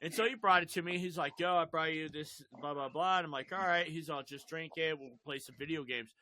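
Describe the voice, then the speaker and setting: High-voiced animated man telling a story. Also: fairly quick, a little hiss or hum. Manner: animated, laughing, swearing storyteller. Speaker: podcast host. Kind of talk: casual storytelling chat.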